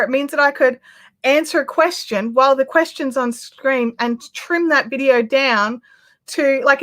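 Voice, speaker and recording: A woman hosting a craft live stream in casual, excitable chat, often restarting her sentences. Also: sits high. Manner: chatty and excitable, with frequent restarts. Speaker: craft channel host.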